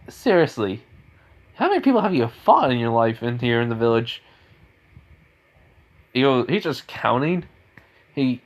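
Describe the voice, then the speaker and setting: A man improvising a spoken fan story in a rambling, casual way, full of restarts and chuckles. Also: mid-range voice.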